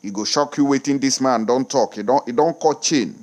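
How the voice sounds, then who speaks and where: A man with a Nigerian accent hosting an online news commentary, mixing Pidgin and English in an animated way. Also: medium pitch, a little fast.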